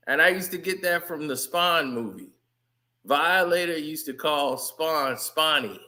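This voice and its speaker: A man giving casual, animated sports commentary on his channel, laughing often. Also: a little high, moderate pace. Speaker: YouTube commentator.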